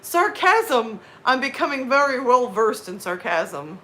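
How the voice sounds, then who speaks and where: A woman's voice: fairly high pitch, very animated, measured pace, sharp tone, slight background noise. A woman from the American South with a light Southern accent, chatting casually and laughing with her live stream viewers. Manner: chatty, laughs often, slips into drawled Southern phrases.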